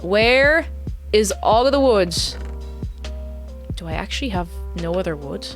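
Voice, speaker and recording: A woman's voice: mid-range voice, animated, a little slow, faint music behind. A woman chatting casually with her viewers while playing a game, rambling and giggling between asides. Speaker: game streamer. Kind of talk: casual live-stream chat while playing.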